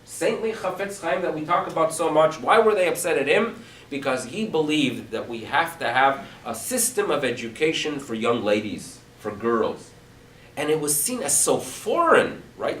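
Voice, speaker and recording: Man, rabbi lecturing, rhetorical questions, lively swooping voice, distant echoey room. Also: a little high, normal speed, a little hiss or hum. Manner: animated, asks rhetorical questions. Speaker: rabbi teaching a class. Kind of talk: lecture to a congregation.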